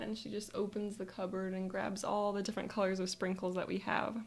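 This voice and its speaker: A woman's voice: medium pitch, level tone, brisk, gravelly, hardly any pauses. A woman coach narrating a guided visualization as an upbeat present-tense memory.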